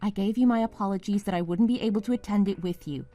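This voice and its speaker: A woman's voice: medium pitch, fast, warm tone, soft background music, close to an everyday voice. A woman voicing a wife named Mia in a scripted drama, pleading at first and then sharply accusing her husband.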